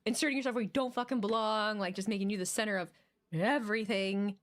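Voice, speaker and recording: A woman's voice: mid-range voice, steady tone, fast. A woman co-hosting a podcast in casual chat, playful and mocking others in put-on voices. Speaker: podcast co-host.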